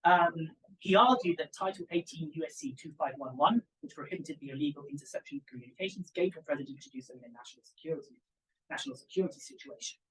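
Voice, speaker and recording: A young man, a PhD student, giving an academic conference talk in an animated, emphatic way with asides to the audience. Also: fairly high pitch, fast talker, distant mic, poor audio. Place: conference room.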